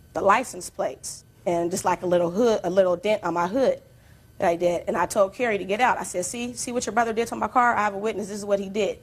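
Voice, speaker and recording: Woman rambling through her courtroom story. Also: medium pitch. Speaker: plaintiff. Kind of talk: courtroom testimony.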